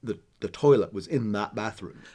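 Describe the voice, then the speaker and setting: A man's voice: lowish voice, moderate pace, dark tone. A man co-hosting a book podcast in casual chat, rambling and poking fun at himself. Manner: chatty and self-deprecating, rambling asides. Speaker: podcast co-host.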